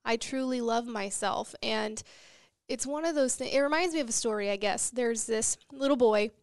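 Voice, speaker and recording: A woman's voice: fairly high pitch, normal speed, no echo, clean studio sound. A young woman, a guest in an interview, speaking earnestly and telling motivational stories. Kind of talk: interview conversation.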